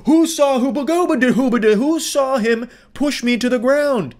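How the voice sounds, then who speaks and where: A man's voice: very high-pitched, normal speed, darkish tone, voice pushed up. A man voicing a furious middle-aged woman, over the top and mocking. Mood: shrieking. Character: shrieking furious middle-aged woman, wrestling-announcer bravado.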